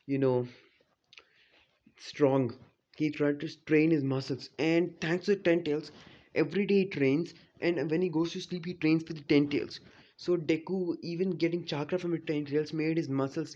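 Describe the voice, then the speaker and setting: A man's voice: fairly high pitch, warm tone, muffled recording. A man casually retelling a fan story, rambling with many "you know, like" fillers.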